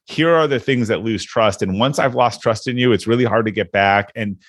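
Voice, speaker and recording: Low-voiced host, dry sound. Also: male voice, brisk, dry recording. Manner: reflective, explains with examples. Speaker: podcast host. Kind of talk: casual chat.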